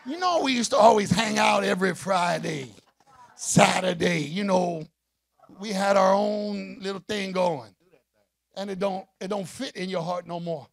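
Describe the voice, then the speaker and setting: A man preaching a rousing call-and-response sermon as pastor, rising to shouts. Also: high voice, unhurried, vocal fry.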